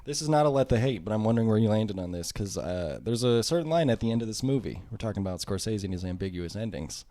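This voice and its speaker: A man's voice: lowish voice, fast, no echo. A man co-hosting a podcast, chatting casually about a film, joking and acting out lines from it. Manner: relaxed, joking, acts out movie lines. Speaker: podcast co-host.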